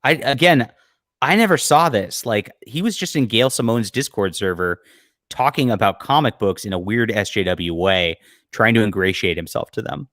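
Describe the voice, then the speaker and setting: Low-voiced man hosting a livestream. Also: lively intonation, moderate pace, fairly bright tone, no echo, clean studio sound. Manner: blunt, mocking commentary with frequent fillers. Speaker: livestream host. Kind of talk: casual commentary over a clip.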